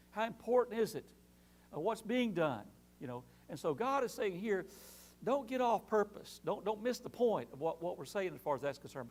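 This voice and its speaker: A man leads a Sunday Bible class with a slightly raised pitch to his voice. He talks earnestly and circles back to stress his main points. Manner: earnest, repeats key phrases for emphasis.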